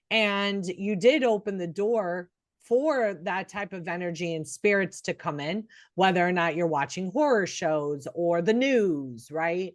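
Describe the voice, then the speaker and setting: A woman's voice: on the low side, unhurried, no room sound, clean studio sound. A middle-aged woman, a nurse and podcast co-host, talking in an earnest, encouraging way with frequent restarts. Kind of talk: casual podcast chat.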